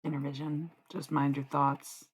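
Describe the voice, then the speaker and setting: A woman's voice: deep voice, flat delivery, normal speed, slightly rough, rough recording. A woman live-streaming casual spiritual readings, rambling and swearing freely as she answers chat.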